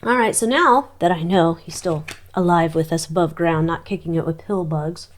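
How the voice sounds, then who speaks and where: A woman's voice: fairly low pitch, normal speed. A woman giving a casual psychic tarot reading, chatty and exclamatory, talking to her cards as she turns them. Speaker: tarot reader.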